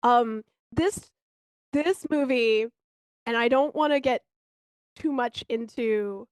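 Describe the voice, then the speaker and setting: A woman co-hosting a podcast, telling candid, animated stories in casual chat and swearing now and then. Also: a little high, takes it slowly, smooth, no echo. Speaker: podcast co-host.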